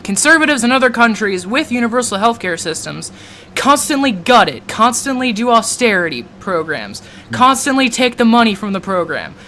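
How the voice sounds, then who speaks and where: A woman's voice: a little high, very animated, fairly bright tone, a little hiss or hum. An American woman hosting a casual online stream, ranting and swearing freely as she talks. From United States. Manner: profane, ranting, quick to rant. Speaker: stream host.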